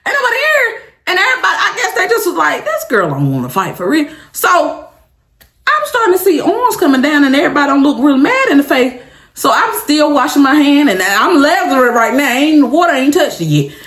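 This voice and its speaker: A young woman storytime vlogger recounts a dramatic school story in an animated, casual way, laughing often. Her high-pitched voice moves a little fast, in an echoey room.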